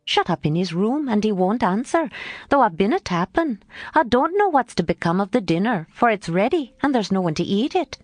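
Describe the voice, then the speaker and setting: A woman's voice: medium pitch, big pitch swings, normal speed, no room sound, voice pushed up. A woman reading an audiobook, voicing a humble young housemaid with rustic country speech and a fretful manner.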